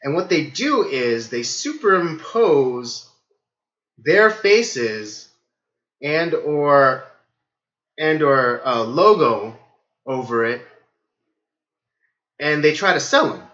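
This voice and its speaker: Hoarse male podcast host, rambling casual chat, bright edge, roomy and dull lo-fi sound. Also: on the high side, sing-song, slow pace, pauses often. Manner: rambling, many fillers.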